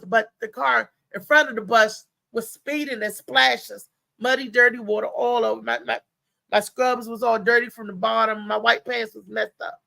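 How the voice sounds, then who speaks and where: A woman from Maryland hosting a live show, telling a story in a chatty, animated way and talking straight to her listeners. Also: on the high side, vocal fry, no room sound. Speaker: show host.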